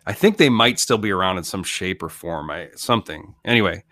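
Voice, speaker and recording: A man's voice: sits low, animated, a little fast, bright, forceful tone, no echo, studio quality. A man co-hosting a podcast, chatting casually and jokily about a movie, rambling with many restarts. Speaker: podcast co-host. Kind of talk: casual comedic movie chat.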